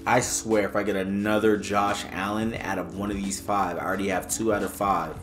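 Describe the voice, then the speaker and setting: A man's voice: fairly low pitch, little pitch movement, moderate pace, a bit bright, faint music behind. A young man commenting on a game pack opening, rambling and joking, with slang and exasperated outbursts. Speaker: gaming YouTuber.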